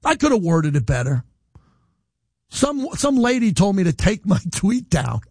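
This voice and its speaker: Brief: male sports radio host, middle-aged, lighter high voice, defiant unscripted rant, dry studio sound. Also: unhurried, slightly rough, no echo. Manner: animated, defiant, rambling without a script. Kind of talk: live radio monologue. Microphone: studio microphone.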